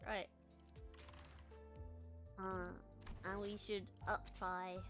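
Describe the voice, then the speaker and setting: A woman's voice: medium pitch, extremely slow, faint music behind. A woman streaming a game live, reading story narration and chatting playfully. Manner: animated, shifting between playful reactions and story narration.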